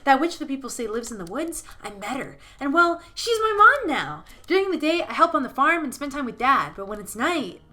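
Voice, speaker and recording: A woman voicing a shy, sweet little scarecrow boy in a game, eager and innocent, in a raised, bright voice. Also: sits high, sing-song, a little fast, hardly any pauses, voice pushed up, heavily acted.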